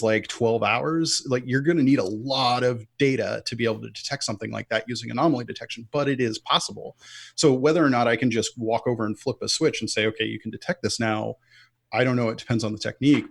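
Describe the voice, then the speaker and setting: A man speaks as a podcast guest in a relaxed, rambling way, padding his points with filler words. His voice is gravelly with fry at the ends of phrases, and the sound is dry and close with no room around it. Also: medium pitch, dry recording. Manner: loose and chatty, frequent "like" fillers. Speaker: podcast guest, offensive security lead. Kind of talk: casual conversational chat.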